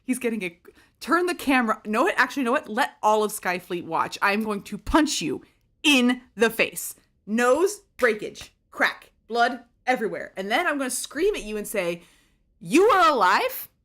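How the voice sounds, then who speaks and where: Lively, excitable woman streamer. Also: on the high side, moderate pace. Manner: expressive, laughing, swearing, dramatic. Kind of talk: excited game play-through commentary.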